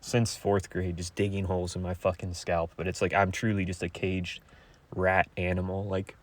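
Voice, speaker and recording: Give me a young man with a very low voice, rambling crudely and haltingly to the camera. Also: flat delivery. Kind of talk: casual rambling monologue.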